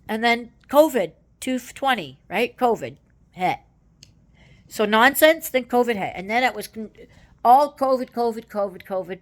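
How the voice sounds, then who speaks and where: A woman from Canada giving casual political commentary, exasperated and rambling, with many fillers and tag questions. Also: medium pitch.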